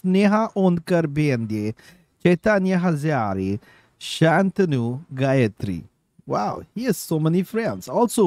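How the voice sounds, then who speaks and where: A man's voice: sits high, a little mellow, dry recording. A man hosting a casual livestream, bantering and reading out super chats. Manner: bantering, switches between English and Hindi. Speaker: host.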